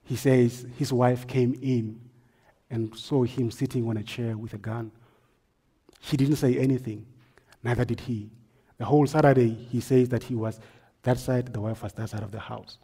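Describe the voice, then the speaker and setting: Male pastor, husky mid voice, storytelling sermon with hushed and loud turns. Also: mid-range voice, fairly even intonation, moderate pace. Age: adult, married. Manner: storytelling, swings from hushed to forceful.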